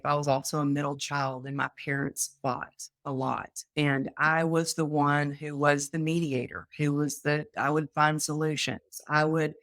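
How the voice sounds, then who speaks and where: Animated woman from Texas telling her story. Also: sits low, creaky, dry recording, studio quality. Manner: animated, acts out quoted voices. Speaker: guest. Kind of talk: interview storytelling.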